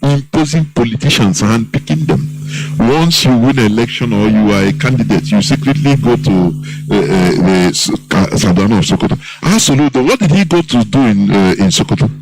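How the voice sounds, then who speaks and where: Scornful Nigerian man, lively voice. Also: medium pitch, a little fast, faint music behind, rough recording. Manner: mocking, scornful, mimics others in exaggerated voices. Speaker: host. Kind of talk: political radio commentary.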